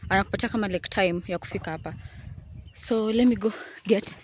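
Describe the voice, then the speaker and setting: A woman's voice: medium pitch, quick pace, slight background noise. A young Kenyan mother chatting casually in a vlog, switching between English and Swahili. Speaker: vlogger mother.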